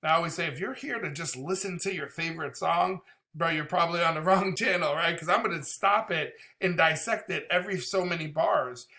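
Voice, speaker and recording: A man's voice: a little high, fairly quick, vocal fry. A man in his thirties hosting a music reaction channel, chatting casually and animatedly. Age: 30s. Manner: animated, talkative, breaks into impressions. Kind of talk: casual reaction vlog chat.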